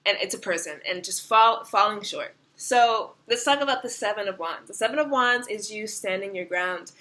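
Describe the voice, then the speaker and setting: A young woman talks through a tarot reading in a chatty, unfiltered style, cursing freely and laughing along the way. Her voice is bright and forward. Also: medium pitch, moderate pace. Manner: animated, swears freely, laughs often. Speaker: tarot reader.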